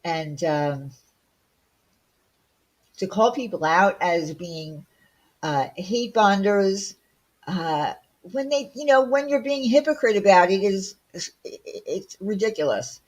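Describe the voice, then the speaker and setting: A woman's voice: medium pitch, expressive, slow, long pauses, a little mellow, low-quality recording. A woman from Long Island, hosting a casual livestream and ranting bluntly with rhetorical questions. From Long Island, New York. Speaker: livestream host.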